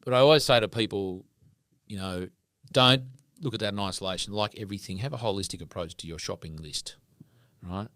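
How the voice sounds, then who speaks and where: An Australian man telling animated stories and sometimes swearing as a podcast guest. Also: fairly low pitch, fairly quick, no room sound, clean studio sound. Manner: animated storyteller, casual swearing. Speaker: guest farmer. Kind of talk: casual podcast conversation.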